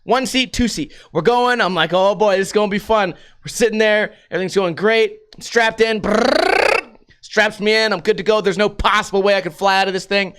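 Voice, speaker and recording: An American man hosting a podcast, telling rambling stories in a profane, animated way. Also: high voice, fairly quick, slight background noise. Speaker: podcast host. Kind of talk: casual storytelling monologue.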